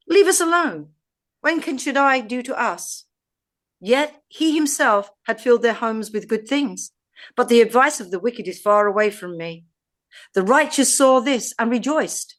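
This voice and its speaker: A woman with an English accent, co-hosting a podcast and reading scripture aloud in a measured, deliberate way. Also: on the high side, expressive, fairly bright tone. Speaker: podcast co-host.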